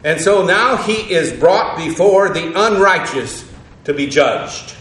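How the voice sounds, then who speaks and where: Halting man teaching a Bible lesson. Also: fairly high pitch, expressive, a bit bright. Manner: halting, with frequent fillers and self-corrections. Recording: echoey room.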